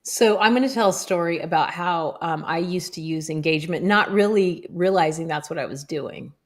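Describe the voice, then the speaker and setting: A middle-aged woman with a slightly low voice hosts a podcast. She tells her stories in a relaxed, conversational way, with 'um' fillers, over a video call. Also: normal speed. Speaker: podcast host, photographer.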